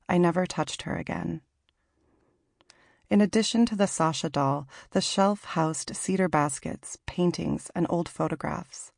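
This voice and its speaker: A woman in her late thirties from Washington in the Pacific Northwest, reading her own memoir aloud in a measured, reflective way. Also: on the low side, gravelly, darkish tone, dry recording, clean studio sound. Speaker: author narrating her memoir. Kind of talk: audiobook memoir narration.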